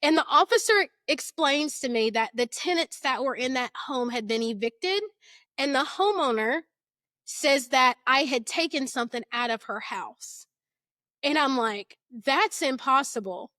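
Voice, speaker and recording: A young woman tells a personal story in an earnest, emotional way, with casual fillers throughout. Her voice sits high, and the sound is dry and close with little room echo. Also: animated, unhurried, pushed and bright.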